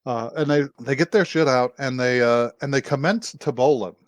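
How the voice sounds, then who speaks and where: A man co-hosting a podcast, casually recapping a story in a rambling, animated way and acting out the characters' lines. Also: medium pitch, normal speed, no echo. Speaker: podcast co-host. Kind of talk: casual chat recapping an anime episode.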